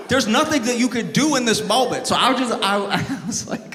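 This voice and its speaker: A male stand-up comedian telling calm, wry stories that climb into exasperation. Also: very high-pitched, brisk, hardly any pauses, crowd noise. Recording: reverberant performance hall.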